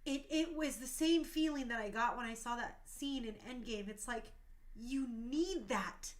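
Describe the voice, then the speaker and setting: Woman host in her 30s, high voice, gushing and passionate, chatty livestream talk. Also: a little slow. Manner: passionate, gushing, tearful at times.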